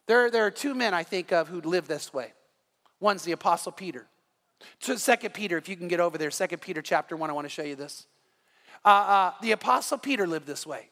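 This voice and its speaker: A man's voice: high voice, lively intonation, a little fast, fairly bright tone, big-room sound. A man preaching a sermon as the pastor, telling stories earnestly and often restarting his phrases. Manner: earnest storytelling with frequent repeated starts.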